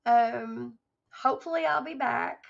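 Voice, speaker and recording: Tired gravelly-voiced woman livestreamer. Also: a little high, unhurried. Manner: affectionate, rambling, laughs often. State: tired, voice starting to go. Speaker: livestream host. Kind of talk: casual livestream chat with viewers. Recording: dull lo-fi stream audio.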